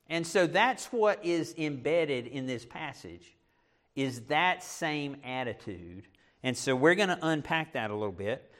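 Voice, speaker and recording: A middle-aged male pastor preaching a sermon, animated, with self-deprecating asides. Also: fairly high pitch.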